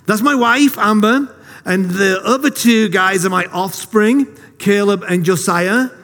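A fairly high-voiced man preaches in a casual, storytelling way, poking fun at himself. His voice rings out with a long reverb from the hall. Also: measured pace, a bit bright. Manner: jokey, self-deprecating storyteller. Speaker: lay preacher. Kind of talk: casual sermon to a congregation.

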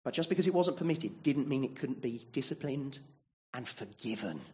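A man's voice: medium pitch, animated, moderate pace. A man preaching a sermon in a church, earnest and asking the congregation many rhetorical questions.

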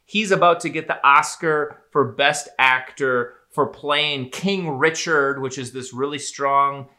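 A man's voice: fairly high pitch, slow pace, bright, forceful tone. A man in casual conversation, thinking aloud in a musing, thoughtful way. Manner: thoughtful, musing, lots of likes and restarts. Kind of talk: casual analytical chat.

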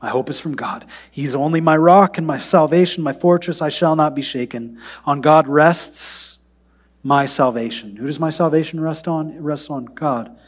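Husky preaching man, loud then hushed. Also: fairly high pitch, moderate pace. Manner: swings from loud emphatic preaching to soft near-whispered prayer. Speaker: pastor. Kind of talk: sermon.

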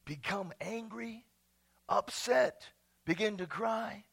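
A man preaching a charismatic sermon in a church, loud and laughing, swinging between shouts and near-whispers. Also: very high voice, lively intonation, normal speed, gravelly. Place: church sanctuary.

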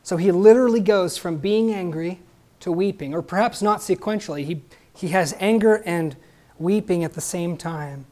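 A man's voice: high voice, normal speed, darkish tone. A man preaching a sermon emphatically, asking the congregation questions and adding joking asides.

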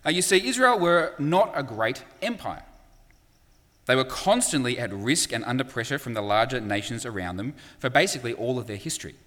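Male preacher, middle pitch, chatty sermon delivery, fillers, reverberant church hall. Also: lively intonation, brisk, a bit bright. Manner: conversational, with frequent "uh" fillers and acted quotes.

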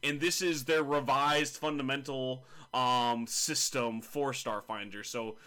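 A man's voice: medium pitch, steady tone, unhurried, pushed and bright, clear, resonant tone. A man hosting a casual podcast about tabletop games, chatty and jokey, teasing his co-hosts. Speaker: podcast host.

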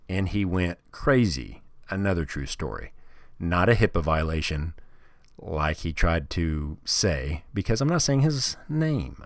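Middle-aged male podcast host from the Midwest, very low voice, dry close sound, rambling and foul-mouthed. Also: dry recording. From American Midwest. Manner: rambling, profane, self-deprecating storytelling. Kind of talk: casual solo podcast monologue.

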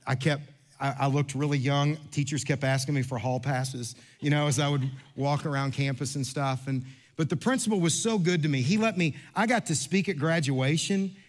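Pastor, man in his fifties, sermon delivery, animated storyteller, slightly higher voice. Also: normal speed. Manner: storytelling with lively quoted voices, rising to earnest emphasis.

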